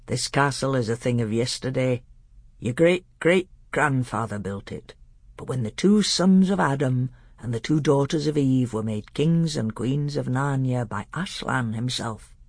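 A man voicing a wise, gentle old male tutor in a measured, earnest audiobook reading. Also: mid-range voice, lively intonation, dry recording, studio quality. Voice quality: gravelly, husky. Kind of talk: audiobook character voice.

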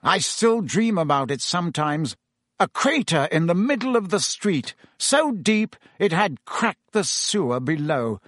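A man's voice: high-pitched, very animated, a little slow, a bit bright, no room sound, clean studio sound, pitched above the performer's own voice, heavily acted. Fudge, a man doing a pompous fussy minister. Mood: earnest. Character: pompous middle-aged male minister, bustling and shaken.

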